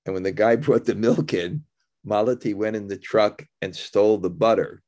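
A man hosting a conversation, speaking haltingly with many fillers and restarts as he retells a story. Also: fairly low pitch, a little mellow. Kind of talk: conversational interview.

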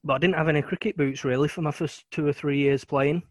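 A man's voice: a little high, fairly even intonation, fast talker, no room sound. A man talking casually as a guest about his early cricket years, hesitant with many ums. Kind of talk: casual chat.

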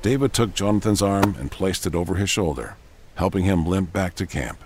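Deep-voiced male story narrator. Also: a little mellow, slight background noise. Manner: measured storytelling. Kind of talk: dramatic scripted narration.

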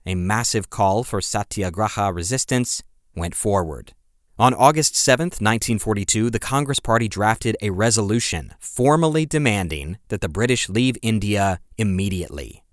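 A man's voice: on the low side, dry recording, clean studio sound. A man hosting a history podcast, reading a script aloud and giving the quotes dramatic emphasis. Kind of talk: scripted narration.

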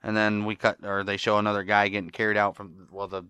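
Bright, crisp-voiced man recapping casually. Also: on the low side, quick pace, no echo. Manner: profane, animated retelling with loud voiced quotes. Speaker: podcast co-host.

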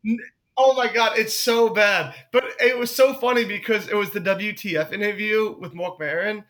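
A young man co-hosting a podcast in casual chat, animated and swearing, breaking into jokey impressions. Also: high-pitched, normal speed. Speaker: podcast co-host.

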